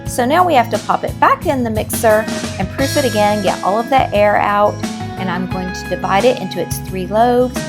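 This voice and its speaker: A woman's voice: medium pitch, lively intonation, normal speed, over music. A middle-aged woman chatting casually as a crochet vlogger, rambling in a friendly way and talking straight to her viewers.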